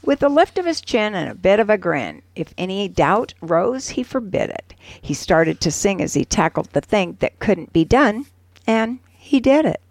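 A woman's voice: medium pitch, moderate pace, no room sound. A woman co-hosting a casual radio show, reading an ad and reciting a poem expressively. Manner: expressive, sing-song reading. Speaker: radio co-host.

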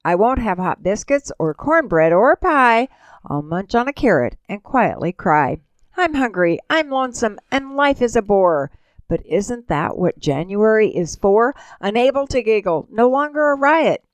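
A woman's voice: fairly high pitch, very animated, measured pace, no echo. A woman co-hosting a radio-style show, reading a comic rhyming poem in a sing-song way. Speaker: co-host.

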